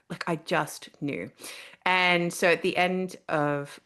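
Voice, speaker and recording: A woman's voice: low-pitched, a little slow. A middle-aged woman, a podcast guest telling her story candidly and earnestly. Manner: earnest, animated when quoting herself.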